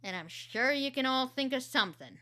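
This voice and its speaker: Chatty woman streamer with a bright voice. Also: high-pitched, lively intonation, moderate pace. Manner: chatty, filler-heavy, explaining. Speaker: streamer and voice actor. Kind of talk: casual streamed chat.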